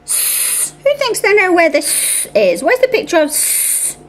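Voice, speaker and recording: A woman teaching phonics to young children, slowly and sing-song sounding out each speech sound and coaxing a puppet helper. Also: very high-pitched, huge pitch swings, a bit bright. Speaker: reading teacher.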